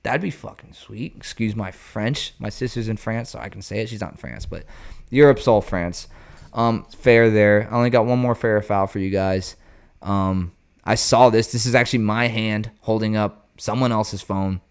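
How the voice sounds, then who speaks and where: A man hosting a baseball show, talking casually in an animated, jokey, rambling way. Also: lowish voice, normal speed, clear, resonant tone.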